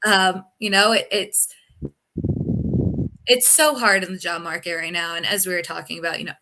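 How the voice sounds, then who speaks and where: A woman's voice: medium pitch, pushed and bright. A young woman, a technical recruiter, chatting on a live video call interview with lots of ums and you-knows. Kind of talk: casual live-stream interview.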